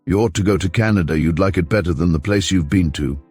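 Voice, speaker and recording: A man voicing a smooth male crook posing as a Canadian army major, polite and faintly mocking. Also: low-pitched, fast, a little mellow, no room sound, faint music behind. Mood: genial.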